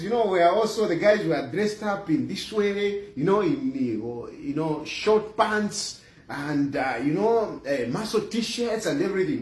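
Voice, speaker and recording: A middle-aged Zambian man with a Zambian accent telling a comic personal story, animated and chuckling, with lots of fillers. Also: sits high. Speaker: vlogger. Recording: roomy echo.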